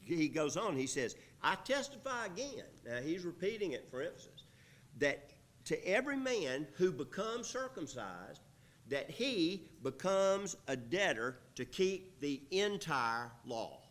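A man teaching through scripture verse by verse in a conversational way, pausing with fillers, checking in with his listeners, and rising to emphatic reading when he quotes the text. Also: a little high, sing-song, a bit bright. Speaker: Bible teacher.

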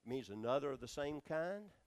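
Animated and fairly quick, a man with a medium-pitched voice teaches scripture in a Bible study sermon. He explains words, quizzes his audience and fills his speech with fillers. The audio is very noisy.

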